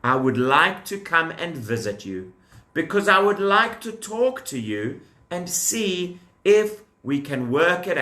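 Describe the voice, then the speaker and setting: A man voicing a humble leader who speaks softly and pleads gently in a children's story. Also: fairly high pitch, exaggerated voice. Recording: echoey room.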